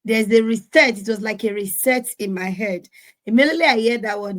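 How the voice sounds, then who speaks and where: A woman's voice: fairly high pitch, brisk, poor audio. A woman in her forties speaking on a discussion panel, earnestly sharing parenting advice and acting out family exchanges. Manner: earnest, advice-giving, acts out family dialogue.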